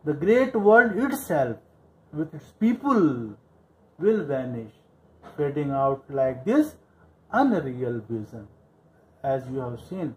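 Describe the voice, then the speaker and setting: A man's voice: medium pitch, big pitch swings, slow, long pauses, muffled recording. A male teacher explaining a play line by line. He reads each line, then paraphrases it, repeating phrases with many fillers.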